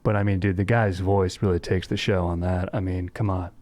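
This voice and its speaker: A man's voice: low voice, flat delivery, brisk, darkish tone. Laid-back man saying dude constantly. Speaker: podcast host. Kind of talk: casual comedic podcast chat.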